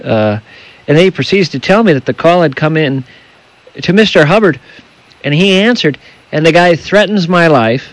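A man hosting a late-night call-in radio show, talking in a rambling, halting, self-deprecating way. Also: a little high, expressive, low-quality recording. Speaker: radio talk show host.

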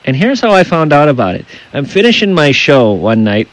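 A man hosting a late-night call-in radio show, talking in a rambling, halting, self-deprecating way. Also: fairly high pitch, big pitch swings, no echo, poor audio. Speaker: radio talk show host.

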